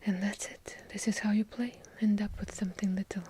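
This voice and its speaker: A woman with a heavy Russian accent doing whispered ASMR, with dry, deadpan joking asides. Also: mid-range voice, fairly quick, breathy edge. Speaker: ASMR creator. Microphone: handheld recorder up close.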